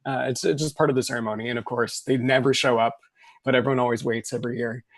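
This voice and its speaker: Game master narrating casually, close dry sound. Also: male voice, medium pitch, fairly even intonation, fast talker, dry recording. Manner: casual, many fillers, laughs often.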